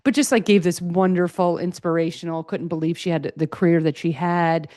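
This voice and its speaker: A woman's voice: fairly low pitch, steady tone, fairly quick, warm tone, no room sound, studio quality. A woman hosting a sports podcast, chatting casually and getting emotional as she gushes. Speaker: podcast host.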